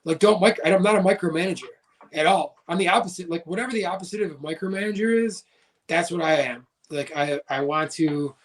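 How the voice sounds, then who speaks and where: A man's voice: sits high, a little fast. A man in his thirties, a podcast guest, telling a story in a casual way with many "like" fillers.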